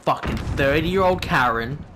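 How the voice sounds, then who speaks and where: A man's voice: a little high, moderate pace, noisy background. A teenage guy, telling a rambling, profanity-laced story casually while gaming. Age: teens. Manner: animated, swearing, rambling. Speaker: gaming channel host. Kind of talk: casual storytime over gameplay. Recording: game gunfire in background.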